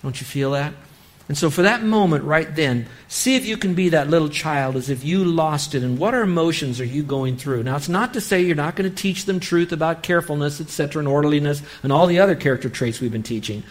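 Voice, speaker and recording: A man's voice: on the high side, fast talker, few pauses. A man preaching a sermon on parenting, earnestly acting out what a parent might say. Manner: earnest, acts out parent-child dialogue. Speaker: pastor.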